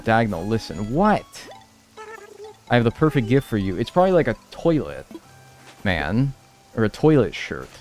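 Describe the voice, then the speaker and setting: A man's voice: lowish voice, sing-song, moderate pace, pauses often, a little mellow, soft background music. A young man streaming a life-sim game, rambling casually and answering chat with self-deprecating humor.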